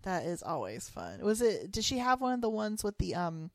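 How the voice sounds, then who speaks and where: Lively, animated woman chatting on a podcast. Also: mid-range voice, normal speed, no room sound, clean studio sound. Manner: chatty, says "like" a lot, expressive reactions. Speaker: podcast co-host. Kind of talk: casual chat.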